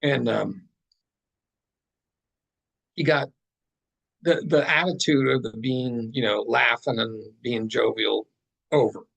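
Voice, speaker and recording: A man, a podcast guest and artist, telling a story in a casual, animated way with plenty of fillers and asides. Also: mid-range voice, takes it slowly, gravelly, pauses often, slightly rough, poor audio.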